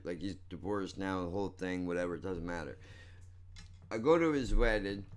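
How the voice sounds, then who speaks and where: Profane, animated young man ranting. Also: fairly low pitch. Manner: profane, animated, self-mocking. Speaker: comedian vlogger. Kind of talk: unscripted comedic rant. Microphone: close desk mic.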